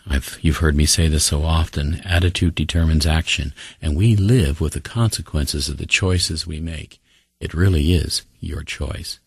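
Man, pastor, sermon, very deep voice, husky and gravelly, dry close sound. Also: moderate pace, no room sound. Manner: earnest, repetitive preaching cadence.

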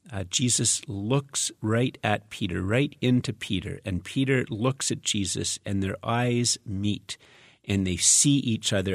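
A man's voice: on the low side, vocal fry, dry recording, studio quality. A man preaching a reflective, conversational sermon, reading scripture aloud and explaining it with casual asides. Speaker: pastor.

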